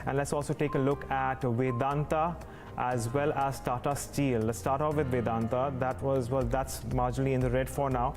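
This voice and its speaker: A man with an Indian English accent reads out the stock moves at a mid-range pitch. His delivery is brisk and stumbles slightly, with a clear music bed running underneath. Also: level tone. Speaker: market reporter. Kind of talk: live market update.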